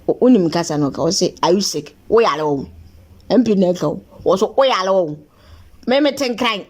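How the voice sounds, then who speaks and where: A woman presenting local news commentary in a chatty, teasing way. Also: a little high.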